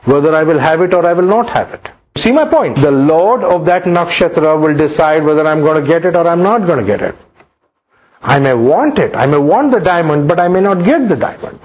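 A high-voiced man lectures his students and keeps throwing rhetorical questions at them. His delivery is animated and swings widely in pitch, and he sometimes acts out complaints. The recording sounds dull and lo-fi. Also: brisk. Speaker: astrology teacher.

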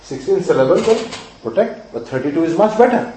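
A man's voice: high voice, animated, fairly quick, dark tone. A male astrology teacher lecturing students, emphatic and repetitive, often checking that they follow. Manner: emphatic, repeats key points, quizzes the audience. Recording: very echoey room, mic far off.

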